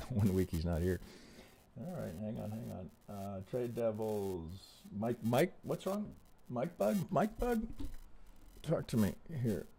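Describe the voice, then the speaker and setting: Man, casual stream host, swears a lot, close desk mic, slightly low voice. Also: creaky, a little mellow, slight background noise. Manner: blunt and profane, thinking aloud while troubleshooting. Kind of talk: casual live-stream talk.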